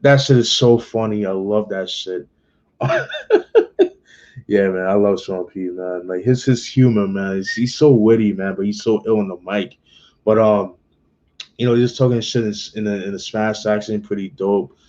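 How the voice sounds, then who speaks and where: A man giving a casual, slangy album review, relaxed and loose with lots of fillers. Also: on the low side, moderate pace, muffled recording. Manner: laid-back, slangy, many fillers and restarts.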